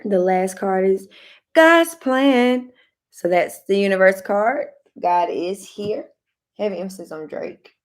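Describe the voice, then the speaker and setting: A woman's voice: mid-range voice, slow pace. A young woman giving a casual tarot reading straight to her viewers, loose and slangy, repeating phrases and restarting often. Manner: loose, slangy and direct, talks straight to the listener. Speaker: tarot card reader.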